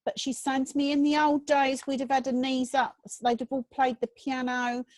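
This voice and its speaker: A woman's voice: sits high, level tone, normal speed, a little mellow, no echo, low-quality recording. A woman giving a mediumship demonstration over a video call, chatty and reassuring as she relays messages. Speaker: spiritualist medium.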